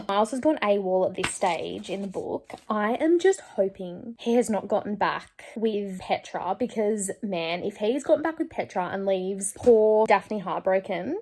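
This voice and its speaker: A woman chatting casually in a book vlog, emotional and animated as she reacts to her reading. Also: a little high, normal speed, hardly any pauses. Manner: chatty, emotional, reads passages aloud. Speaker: book vlogger.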